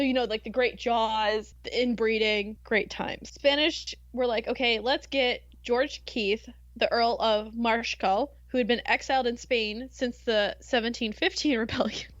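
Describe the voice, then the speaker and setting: An American woman hosting a podcast, telling history in a casual, giggly, animated way with playful asides. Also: on the high side, no echo, dull audio. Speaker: podcast host.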